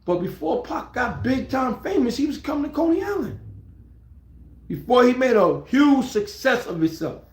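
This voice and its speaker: A middle-aged man live-streaming a casual story, rambling and excitable, often restarting his words and swearing freely. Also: very high voice, normal speed. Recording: roomy echo.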